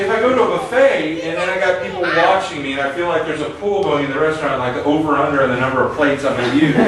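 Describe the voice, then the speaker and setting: A man doing improv comedy on stage, telling a rambling self-deprecating story. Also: on the high side. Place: small comedy club stage. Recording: very echoey club, distant mic, audience.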